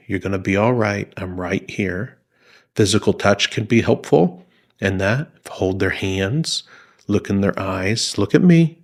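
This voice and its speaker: A low-voiced man speaks as a therapist, walking through what the body does in a panic attack. He talks in a calm teaching tone and often slows and softens to show how a soothing voice should sound. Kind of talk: explaining psychology to camera.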